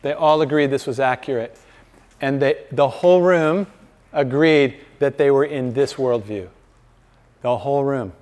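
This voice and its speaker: A man's voice: mid-range voice, unhurried, a little mellow. A man giving a faith-based talk to a live audience, telling stories conversationally and acting out quoted dialogue. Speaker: speaker. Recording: long reverb from a large hall.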